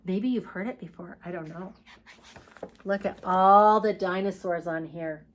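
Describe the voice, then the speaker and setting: A woman teaching a preschool craft class and reading a picture book aloud to young children, slow and playful. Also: lowish voice.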